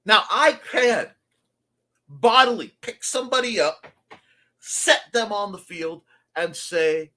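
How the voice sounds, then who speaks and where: A man's voice: high-pitched, slow, pushed and bright. A man hosting a creative morning show, talking earnestly and confessionally in a folksy way. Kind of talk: reflective monologue.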